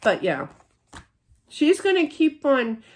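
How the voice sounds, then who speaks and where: A woman's voice: sits high, wildly swooping pitch, slow pace. A middle-aged woman giving a casual spiritual reading, chatty and rambling, full of fillers and restarts. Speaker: psychic reader.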